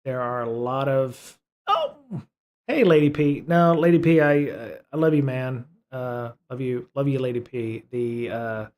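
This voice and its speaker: A man hosting a live stream in a loose, rambling way. His voice sits at an average pitch. He talks with plenty of fillers and restarts. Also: unhurried, darkish tone. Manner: high-pitched baby talk to his cat. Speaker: streamer and host. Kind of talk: casual live-stream chat.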